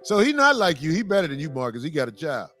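Comedian guy ribbing his friends on a podcast, high bright voice, faint music underneath. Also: sing-song, fast talker. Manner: teasing and mock-pleading, slips into voices. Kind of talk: loose joking podcast banter.

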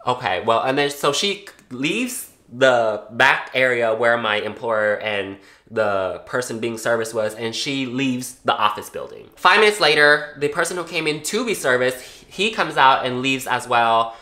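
A young man tells a storytime vlog straight to the camera. He is animated and blunt, and he swears casually. His voice is bright and forward. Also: medium pitch, measured pace. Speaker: vlogger.

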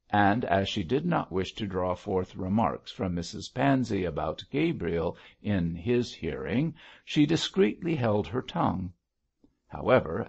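A man narrating an audiobook in a steady storytelling read. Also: lowish voice, gravelly, breathy edge, muffled recording. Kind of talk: scripted narration.

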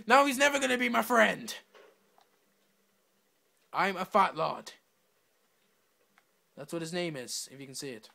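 A gamer gives brash commentary over his own gameplay, swearing, talking to himself and trash-talking other players. His voice is high-pitched, sharp and creaky, a little slow, with long pauses.

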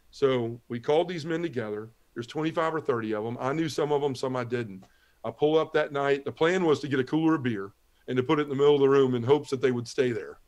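A middle-aged man telling his conversion story as a podcast guest, earnest and often dropping to a hushed voice. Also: medium pitch. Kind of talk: testimony storytelling.

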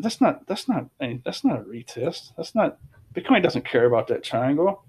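A man's voice: on the high side, very animated, moderate pace, darkish tone, husky. A man giving casual, emphatic commentary over charts, repeating phrases and restarting sentences. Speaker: crypto commentator.

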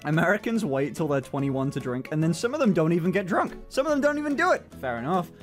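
Animated, foul-mouthed male streamer. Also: a little high, fast, loud music behind the voice. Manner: swears constantly, rambling and animated. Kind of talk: casual livestream chat.

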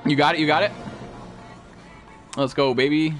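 A man streaming a survival game, swearing constantly and yelping in alarm at monsters as he chats with a teammate. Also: fairly high pitch. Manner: excitable, swears constantly, frequent startled outbursts. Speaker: gameplay streamer. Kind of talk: profane live gameplay commentary. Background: faint background music.

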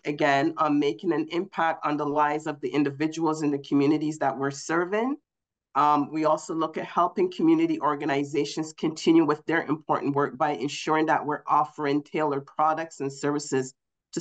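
A woman speaking on a conference panel, congested from a cold and a bit out of breath, measured with frequent ums. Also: sits low.

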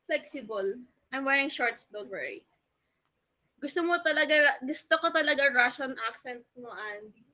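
A woman's voice: high-pitched, expressive, normal speed, sharp tone, highs cut off. A young woman with a Filipino accent chatting casually on a livestream, bubbly and switching between English and Tagalog. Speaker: idol livestreamer.

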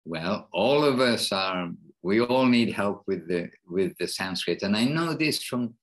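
A man with a deep voice runs an informal devotional class over an online call. His tone is husky and a little breathy. He often stops and rephrases himself mid-sentence as he explains. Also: animated, a little slow, rough recording. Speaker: class host.

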